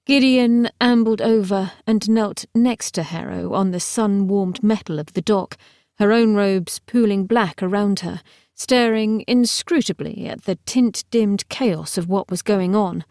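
An audiobook narrator with a mid-range voice reads a novel aloud in a measured, expressive storytelling style. The scripted narration is recorded dry, at studio quality.

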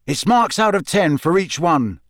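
A man's voice: a little high, big pitch swings, a little slow, a bit bright, no echo, pitched above the performer's own voice. Eager, rambling teenage boy wizard in an audiobook, read by a man in a lightly raised voice, close and dry. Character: excitable teenage boy wizard, chatty best friend. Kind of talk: audiobook character reading.

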